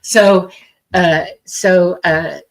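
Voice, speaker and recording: Woman medium, lowish voice, rambling anecdotes, acts out quotes. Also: steady tone, drawn-out words, vocal fry. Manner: rambling, filler-heavy, acts out quoted dialogue. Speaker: psychic medium. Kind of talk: casual storytelling on a talk show.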